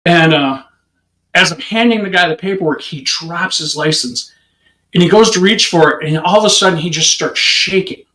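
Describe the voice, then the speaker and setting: A man with a fairly high voice tells a story from his work as a police officer, slipping into the voices of the people in it. He talks in a casual, conversational way, full of "you know". The recording sounds roomy and echoey. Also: normal speed, sharp tone. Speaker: interview guest. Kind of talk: animated anecdote telling.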